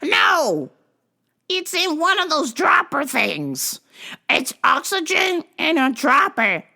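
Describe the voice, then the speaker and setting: A woman doing a shrill, frantic lady caller. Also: very animated, takes it slowly, creaky, pushed and bright, heavily acted. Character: panicky gullible woman caller.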